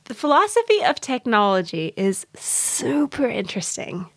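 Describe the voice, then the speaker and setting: A woman's voice: a little high, very animated, normal speed, fairly bright tone, no room sound. Woman podcast host explaining, dry sound. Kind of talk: casual storytelling chat.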